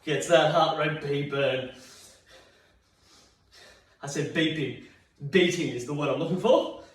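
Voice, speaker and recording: A man's voice: a little high, a little fast. An Australian man leading a seated exercise class, upbeat and encouraging, counting reps aloud and getting out of breath. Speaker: fitness instructor. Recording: very echoey room, mic far off.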